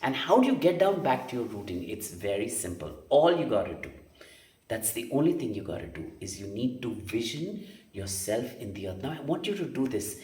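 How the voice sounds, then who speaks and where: A man's voice: mid-range voice, very animated, moderate pace, a little mellow. Man, meditation teacher, emphatic and repetitive, roomy sound, distant mic. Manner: emphatic, repeats phrases, asks rhetorical questions. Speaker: energy healer and meditation teacher. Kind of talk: spoken meditation lesson.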